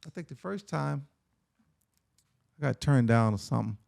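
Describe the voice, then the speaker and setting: A man, a podcast guest, telling a personal story in a relaxed, conversational way and tagging "man" and "right?" onto his lines. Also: mid-range voice, normal speed, vocal fry, no room sound, clean studio sound. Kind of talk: casual storytelling.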